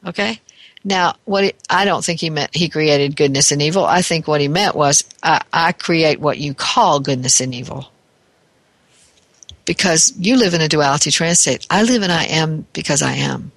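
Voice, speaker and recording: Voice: medium pitch, normal speed, a bit bright, no room sound. Dry, close-miked spiritual teacher. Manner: thoughtful, searching, self-correcting. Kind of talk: reflective spiritual teaching talk.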